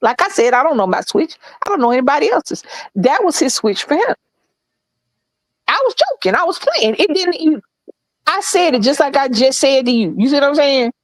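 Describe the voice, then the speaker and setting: A woman co-hosting a podcast, telling a work story in a blunt, profane, animated way. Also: sits high, normal speed, no room sound, rough recording. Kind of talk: casual storytelling chat.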